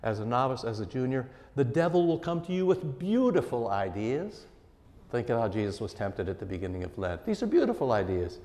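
A man, a pastor, preaching a sermon earnestly and emphatically, his voice rising and falling in loudness. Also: mid-range voice, sing-song, a little fast, in a large hall.

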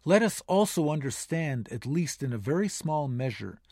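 A man reading a translated religious text aloud in a measured, formal way. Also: fairly high pitch, sing-song, dark tone, slight background noise. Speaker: reader.

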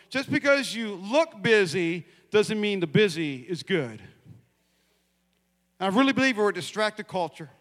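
A male pastor with a high voice preaches energetically and tells a personal story that leads into a lesson. He acts out the lines of the people in his story and calls out to the congregation. His voice carries with the long reverb of a large hall. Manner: animated, acts out quotes, addresses the church.

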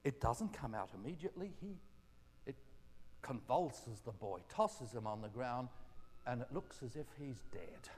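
A man preaching a gentle, conversational sermon full of rhetorical questions. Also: mid-range voice, big pitch swings, a little slow, a little hiss or hum. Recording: echoey hall reverb.

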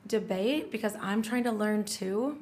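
Middle-aged woman, podcast guest, talkative and enthusiastic, mid-pitched voice. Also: measured pace, darkish tone. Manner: chatty, restarts often, enthusiastic. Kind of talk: casual podcast conversation.

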